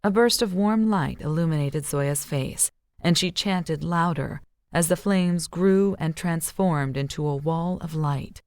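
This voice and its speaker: Measured audiobook narrator, woman with a low voice, recorded dry. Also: darkish tone, no room sound.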